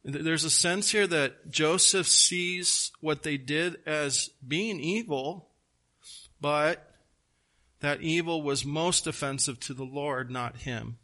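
A pastor delivers a sermon in a bright, slightly high voice, speaking emphatically. He slows down to stress key words and slips in folksy asides.

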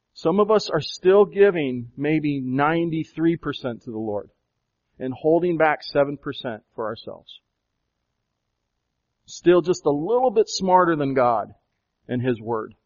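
Man, pastor's sermon, fairly high voice, rhetorical questions, emphatic, dull lo-fi sound. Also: a little mellow. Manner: questions the congregation, with emphatic swells and slowed, drawn-out phrases. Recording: dull lo-fi recording.

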